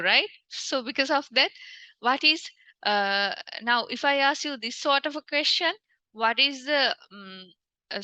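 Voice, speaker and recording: A woman's voice: a little high, bright, forceful tone, no echo, low-quality recording. A woman from Sri Lanka teaching an online English lesson, patiently asking the class frequent questions as she goes through a story.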